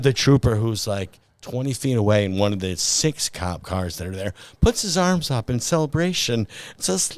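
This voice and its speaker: A man's voice: mid-range voice, no room sound. A man with a Midwestern American accent telling a rambling, profane story in casual podcast chat. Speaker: podcast host.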